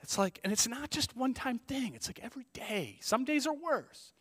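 A male pastor preaching a sermon, swinging between loud emphasis and hushed asides. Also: very high-pitched, very animated, moderate pace. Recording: long reverb of a church hall.

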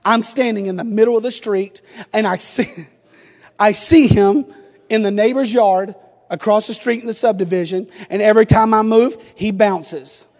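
Middle-aged pastor preaching, really high voice, long church echo around him. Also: male voice, normal speed. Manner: swings from quiet storytelling to shouted preaching. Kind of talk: sermon. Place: church sanctuary.

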